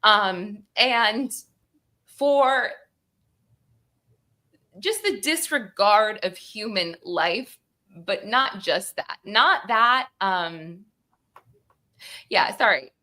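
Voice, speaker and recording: A woman's voice: medium pitch, expressive, drawn-out words, long pauses, sharp tone. A woman recapping a court hearing in emotional casual talk, rambling, quoting people, tearful and close to crying. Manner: rambling, quotes people in acted voices.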